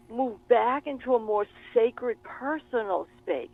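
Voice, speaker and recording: Animated woman on a tinny phone line. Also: on the high side, slow pace, soft background music. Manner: animated, expressive storytelling. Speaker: guest. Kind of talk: interview conversation.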